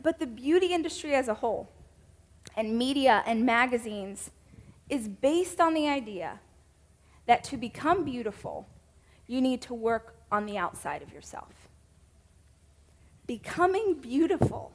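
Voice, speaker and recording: Woman, Southern accent, 30s, humorous sermon, self-mocking asides, slightly high voice. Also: sing-song, unhurried, pauses often. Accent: Southern American. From American South. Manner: chatty, self-mocking, with laughs and playful asides. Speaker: speaker at a women's church group.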